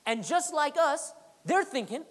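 A pastor delivers a sermon with a very animated, swinging pitch, repeating key phrases for emphasis and tossing in playful asides. The voice rings through a large church sanctuary with a long reverb. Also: unhurried. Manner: conversational, repetitive emphasis, teasing asides.

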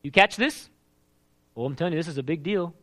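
Man, pastor, live sermon, lively swooping delivery, bright forceful tone. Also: a little high, brisk. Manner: animated, emphatic, asks the congregation questions.

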